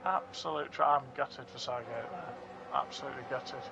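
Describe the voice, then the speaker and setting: A man giving live commentary on an online racing league, getting excitable at incidents on track. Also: mid-range voice, fairly quick, gravelly, lo-fi sound. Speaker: race commentator. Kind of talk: live esports race commentary. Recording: game engine noise loud behind. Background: loud racing car engine noise.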